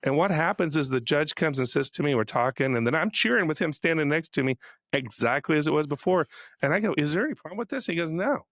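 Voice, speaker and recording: A man co-hosting a podcast, telling a story in a casual, animated way, acting out quotes and laughing often. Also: a little high, fast talker, no echo, clean studio sound. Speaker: podcast co-host.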